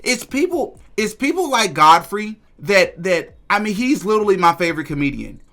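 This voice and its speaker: Indignant high-voiced man, podcast host. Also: big pitch swings, normal speed, a bit bright. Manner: indignant, emphatic. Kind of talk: opinion commentary.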